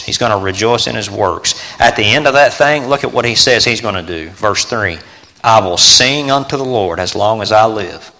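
A man preaching a sermon, swinging between loud exclamations and quiet asides and repeating phrases for emphasis. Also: fairly low pitch, normal speed. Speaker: pastor. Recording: church hall with long reverb.

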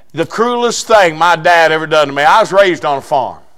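Man, pastor, sermon, folksy storytelling, shouting bursts, high-pitched. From southeastern Indiana.

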